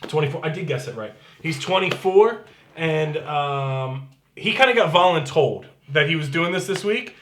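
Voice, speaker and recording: A man's voice: a little high, normal speed, a bit bright, echoey room, a little hiss or hum. A man serving as pastor, giving casual church announcements in an upbeat, chatty way and reading scripture aloud.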